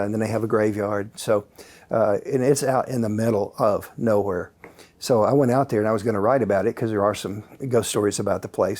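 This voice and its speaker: A man, a guest author and paranormal researcher, telling stories in a calm, casual way with many fillers. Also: lowish voice. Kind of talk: relaxed anecdotal storytelling.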